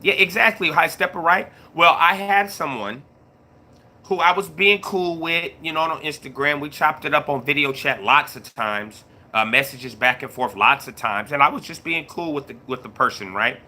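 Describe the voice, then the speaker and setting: Casting: middle-aged male streamer, somewhat high voice, very bright and forceful, laid-back chat to viewers. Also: moderate pace. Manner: laid-back, repeats himself, greets chat mid-story. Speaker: YouTube live streamer. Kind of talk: casual livestream talk to viewers.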